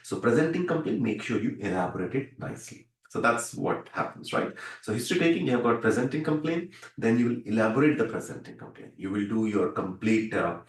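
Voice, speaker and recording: A man's voice: fairly low pitch, animated, a little fast, reverberant, rough recording. A man tutoring doctors for an exam, explaining step by step, repeating key points and often checking in with "right?". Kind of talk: online teaching session.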